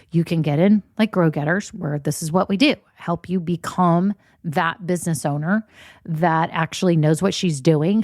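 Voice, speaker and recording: A woman's voice: on the low side, no room sound, studio quality. Candid, encouraging woman podcast host. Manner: candid, encouraging, quotes listeners' worries; says y'all. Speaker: podcast host and business coach. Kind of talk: solo podcast monologue.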